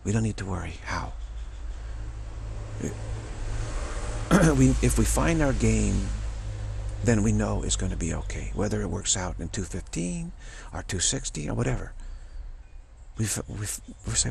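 A man giving a casual spiritual talk to camera, rambling and repeating himself with halting restarts. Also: on the low side, lively intonation, creaky, darkish tone, slight background noise. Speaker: spiritual vlogger.

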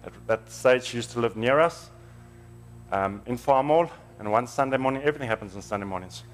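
A man's voice: medium pitch, a little fast, a little hiss or hum. Man, preacher, storytelling sermon, earnest, emotional, conversational, church.

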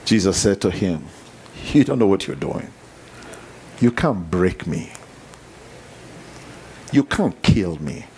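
A man preaching a sermon with repetition and emphasis, dropping to hushed tones and rising to near shouts. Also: low-pitched, big pitch swings, slow, long pauses, slight background noise.

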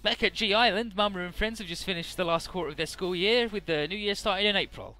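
A man's voice: high voice, quick pace, pushed and bright, faint music behind. A man casually recapping a game's story, chatty, with many filler words and the odd swear. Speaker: let's play narrator.

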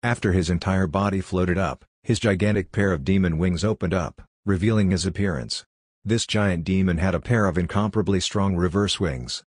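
A man narrating a fantasy audiobook with steady, even scripted reading. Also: deep voice, normal speed, breathy edge, no echo, clean studio sound.

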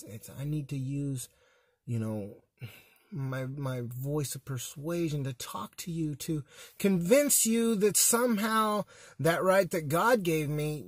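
A man's voice: medium pitch, darkish tone, slightly rough, dry recording, clean studio sound. An American man giving an emphatic, folksy political monologue with blunt repetitions. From United States. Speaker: political commentator.

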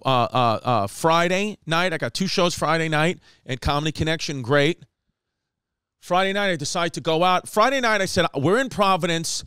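A man's voice: a little high, clear, resonant tone, dry recording, studio quality. A man, a comedian and podcast host telling a rambling story and acting out the people in it. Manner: animated, acts out quotes, rapid run-on storytelling.

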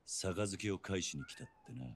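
An actor playing a stoic young yakuza who speaks tersely and gruffly in a video game. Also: male voice, low-pitched, huge pitch swings, fast talker, heavily acted. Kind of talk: game voice acting.

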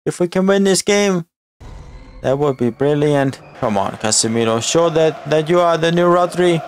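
Excitable man shouting over a football game. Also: fairly high pitch, moderate pace, slight background noise. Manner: exclaims "oi" at chances, shouts at players. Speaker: gaming YouTuber. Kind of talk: excited live game commentary.

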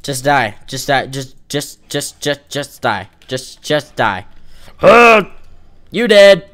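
A man's voice: medium pitch, slow, a bit bright. A man giving casual let's-play commentary, teasing and joking with the game's characters as he plays. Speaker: gamer playing an online role-playing game.

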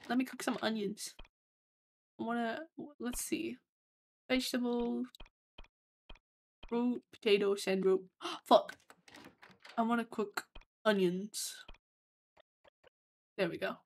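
A woman's voice: on the high side, creaky. A woman with an Australian accent streaming a game, commenting casually, swearing often and breaking into sudden yelps and laughs. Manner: excitable, swears a lot, bursts into yelps and laughs.

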